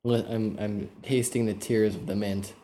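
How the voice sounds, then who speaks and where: A man's voice: fairly low pitch, steady tone, moderate pace, warm tone, slight background noise. A man co-hosting a podcast, telling stories in a loose, rambling way with lots of filler words. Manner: rambling, easygoing, filler-heavy storytelling. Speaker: podcast co-host. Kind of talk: casual chat.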